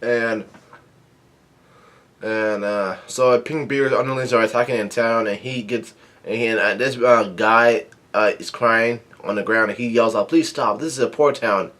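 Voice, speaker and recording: A man casually reading a comic chapter aloud and commenting on it, halting with frequent restarts. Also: on the low side, steady tone, a bit bright. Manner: halting, many fillers and restarts.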